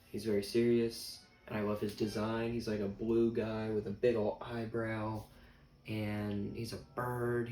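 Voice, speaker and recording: A man's voice: lowish voice, a little mellow. A man chatting casually as a vlogger, rambling and joking at his own expense. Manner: rambling, jokey, self-mocking. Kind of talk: casual chat. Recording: echoey room, mic at a distance, faint music.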